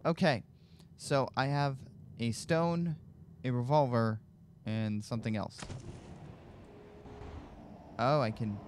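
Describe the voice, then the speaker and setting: A man's voice: medium pitch, slow pace, pauses often, a little hiss or hum. Chatty man commentating a game. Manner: chatty, greets viewers. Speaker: let's play host. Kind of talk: casual gaming commentary.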